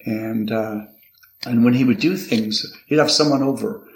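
An older man as an interview guest, speaking in a halting, reflective way and often repeating words. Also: mid-range voice. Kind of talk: conversational interview. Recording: roomy echo.

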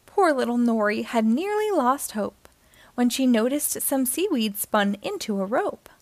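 A woman reading a rhyming children's picture book aloud, with a gentle, lilting storybook rhythm. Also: on the high side, sing-song, unhurried, dry recording.

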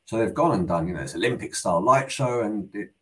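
Deep voice guy on a football pod, talks fast, stumbles over words. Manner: animated, stumbles and repeats words. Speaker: podcast co-host. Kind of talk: casual football podcast chat.

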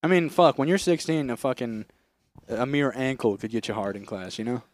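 A man's voice: medium pitch, lively intonation, brisk, no room sound. Crude joking young man on a podcast. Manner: crude joking, laughs often. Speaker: podcast co-host. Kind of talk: casual podcast banter. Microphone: close podcast microphone.

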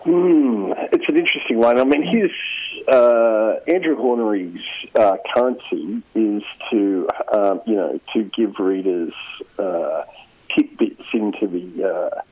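A man chatting casually as a regular radio commentator, talking in a rambling, halting way with many restarts. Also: on the low side, slightly rough, dull audio.

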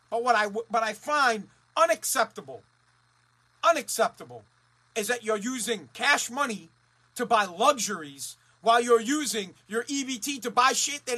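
A man from Massachusetts in a profane, heated rant who swears constantly, repeats himself and rises to shouting. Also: very high-pitched, slightly rough. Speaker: ranting commentator.

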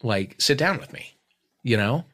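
A middle-aged man hosting a casual podcast chat, talking in a relaxed, easygoing way. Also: mid-range voice, measured pace. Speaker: host.

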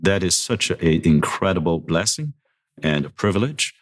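Man, middle-aged, very deep voice, university president, podcast interview, good-humored, self-deprecating, chuckling. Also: sing-song, normal speed. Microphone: podcast microphone.

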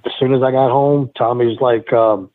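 A middle-aged man, a former pro wrestler, telling rambling, profane stories with quick laughs as a guest in a casual interview. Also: mid-range voice, fairly even intonation. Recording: tinny phone-like line.

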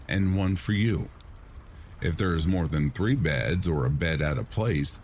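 On his channel, a man narrates horror stories from a script, aimed at listeners nodding off. His voice is deep and his pace calm and quiet, but the intonation shifts widely between lines; faint noise sits in the background.

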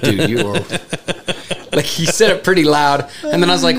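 A man's voice: fairly high pitch, big pitch swings, moderate pace, a crowd in the background. A man co-hosting a casual podcast, telling a story with lots of laughter. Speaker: podcast co-host.

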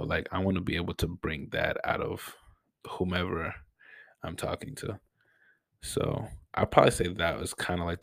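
Deep gravelly young man, podcast host. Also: a bit bright, dry recording. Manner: laid-back, slangy, rambling with fillers; stutters. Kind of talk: casual solo podcast talk.

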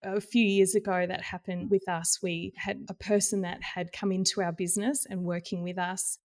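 A middle-aged woman, a podcast guest, telling a candid personal faith story with animated, laughing delivery. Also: mid-range voice, normal speed. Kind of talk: personal testimony in conversation.

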